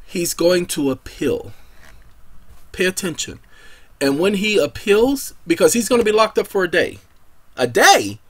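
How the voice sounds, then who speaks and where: A man's voice: high-pitched, expressive, moderate pace. A man hosting his own video, talking casually and emphatically about scripture, challenging viewers and asking rhetorical questions. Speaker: online video host. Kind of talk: casual scripture talk to camera.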